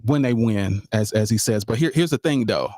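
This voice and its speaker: On a live sports podcast, a male host with a lowish, expressive voice speaks at a normal speed in a warm tone, sounding clean and studio-recorded with no room sound. He's laid-back and chatty, repeats phrases, and keeps turning to listeners directly as "y'all."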